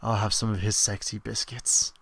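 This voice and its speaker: A man putting on the voice of a creepy, leering seducer, murmuring slow, breathy sex talk. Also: level tone, fairly bright tone, no echo, full character voice. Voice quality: low breathy murmur, drawn out.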